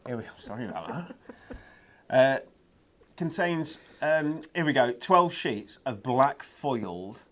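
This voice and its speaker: A man's voice: medium pitch, very animated, a little slow, a bit bright. A man presenting craft products on a live shopping show, chatty and enthusiastic, with lots of ums and uhs.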